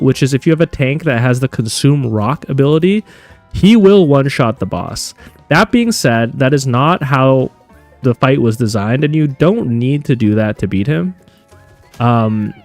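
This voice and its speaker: A male streamer talks viewers through his game in a chatty, animated way. His pitch jumps all over the place as he goes, and faint game music plays underneath. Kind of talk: live gameplay stream commentary.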